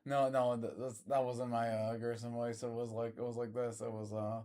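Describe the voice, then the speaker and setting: A man's voice: mid-range voice, flat delivery, normal speed, warm tone, slight background noise. A man reading fanfiction aloud in a casual comedic way, breaking off to swear and laugh at the writing. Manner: swearing, laughing asides, self-interrupting. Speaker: fanfiction reader.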